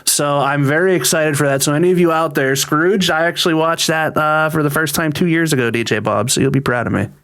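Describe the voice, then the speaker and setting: A man co-hosting a relaxed podcast chat, quick with jokes and a casual curse. His voice sits a little higher than most men's. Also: clear, resonant tone. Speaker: podcast co-host.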